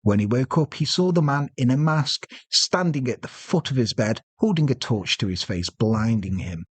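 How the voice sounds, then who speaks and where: A man co-hosting a podcast, telling a true-crime story with joking, deadpan asides. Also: medium pitch, normal speed, husky, no room sound. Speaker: podcast co-host.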